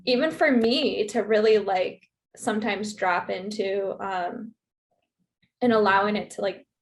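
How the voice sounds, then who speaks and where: A woman guest on a podcast talking casually, halting often with "like" and "um" as she searches for words. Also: medium pitch. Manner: halting, full of "like" and "um". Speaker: podcast guest, retreat host. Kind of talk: casual conversation.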